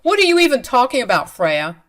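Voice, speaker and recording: A woman's voice: on the high side, very animated, fairly quick, a bit bright, pitched above the performer's own voice. A woman voicing an angry, controlling husband who speaks in a harsh, commanding way in a storytelling reading.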